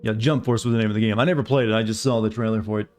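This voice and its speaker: A man's voice: on the low side, steady tone, rapid-fire, a little mellow, faint music behind. A man streaming a game, chatting casually and ramblingly with his live viewers and greeting them by name.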